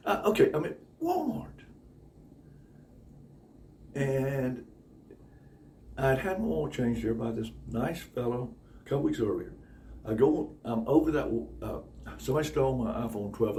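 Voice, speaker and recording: A man telling casual stories in an animated, profane way, acting out other people. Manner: animated, profane, acts out other people's voices with big pitch jumps and laughter. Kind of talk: casual anecdotal storytelling. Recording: slightly distant mic with faint room noise.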